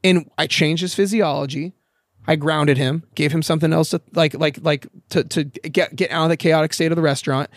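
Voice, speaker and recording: A man's voice: on the high side, fairly even intonation, fairly quick, no echo. A man telling a story in a casual podcast conversation, candid and swearing freely, acting out the voices of the people in it. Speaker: podcast guest. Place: outdoors in a backyard.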